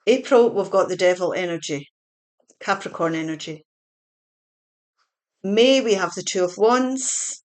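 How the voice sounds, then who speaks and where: A woman's voice: medium pitch, measured pace, pauses often. A woman giving a spoken tarot reading in a chatty, reassuring way, now and then correcting herself mid-sentence. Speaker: tarot reader.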